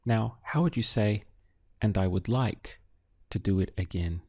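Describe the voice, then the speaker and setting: A man teaching a Spanish lesson, patient and clear, repeating and spelling words slowly. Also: lowish voice, a little mellow. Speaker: Spanish tutor. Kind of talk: slow, clear language lesson.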